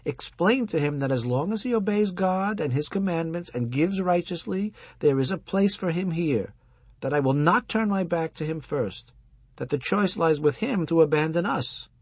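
A man's voice: a little high, expressive, husky, no room sound, voice pushed up. A man voicing an older rabbi and husband, stern and commanding, speaking in a lofty, preaching manner. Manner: lofty, preaching, slow on emphasis.

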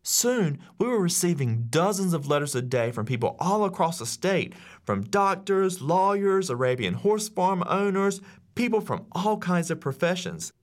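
A man who teaches, telling a story to an audience in an animated way and acting out the voices of the people in it. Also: high-pitched, moderate pace. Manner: animated, acts out quoted voices. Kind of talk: storytelling speech.

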